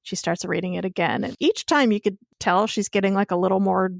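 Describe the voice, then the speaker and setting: A young woman talks through a TV episode scene by scene, chatty and loose, swearing freely. Her pitch sits in the middle. The sound is close and dry, with no room around it. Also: fairly quick, vocal fry, no room sound. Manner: chatty storytelling with casual swearing. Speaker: podcast co-host. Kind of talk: casual TV recap chat.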